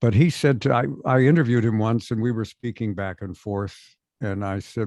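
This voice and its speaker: A man's voice: on the low side, steady tone, a little mellow, no echo. Older American man, dry, thoughtful storyteller. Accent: standard American. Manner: thoughtful, anecdotal, measured. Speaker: guest voice actor. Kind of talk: interview conversation.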